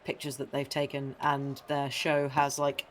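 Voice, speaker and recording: A man co-hosting a casual stream chat, telling a story lively and acting out the people he quotes, heard over a remote voice call. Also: medium pitch, a little slow, slight background noise. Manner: animated storyteller who acts out quoted people. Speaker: co-host and trumpet player.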